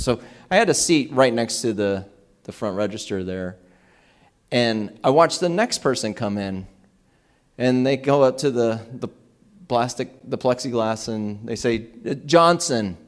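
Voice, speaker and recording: A man preaching a sermon as pastor, telling lively personal anecdotes and acting out the dialogue. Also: mid-range voice, measured pace. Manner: animated anecdotes with acted-out dialogue. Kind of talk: conversational sermon storytelling.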